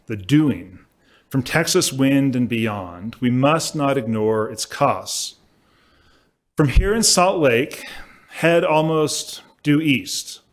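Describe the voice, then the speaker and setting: With a mid-range voice, a male law professor works through a prepared symposium talk at the podium microphone. He is measured and emphatic, occasionally correcting himself.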